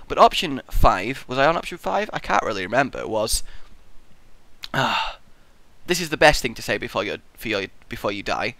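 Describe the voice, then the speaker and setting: A man's voice: mid-range voice, pushed and bright, no echo. A man hosting a casual question-and-answer vlog in a rambling, jokey way, recorded on a close desk mic. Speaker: YouTube host.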